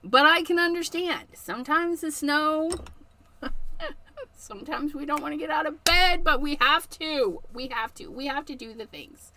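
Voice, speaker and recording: Bright, high-voiced chatty craft streamer woman. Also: expressive, moderate pace, hardly any pauses, slight background noise. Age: middle-aged. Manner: chatty, laughs often. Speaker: craft livestream host. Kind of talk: casual livestream chat.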